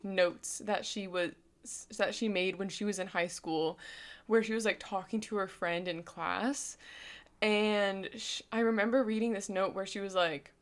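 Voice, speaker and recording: A woman's voice: mid-range voice, fairly even intonation, unhurried. Emotional young woman vlogger, shaky voice. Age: 20s. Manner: emotional, voice goes shaky and soft, casual filler-heavy talk. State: close to tears. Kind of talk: personal storytelling.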